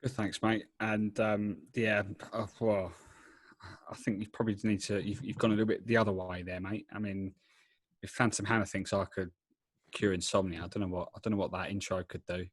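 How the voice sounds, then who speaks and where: A man co-hosting a casual podcast chat, talking in a hesitant, halting way. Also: lowish voice, level tone, dry recording. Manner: hesitant, halting, lots of restarts. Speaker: podcast co-host.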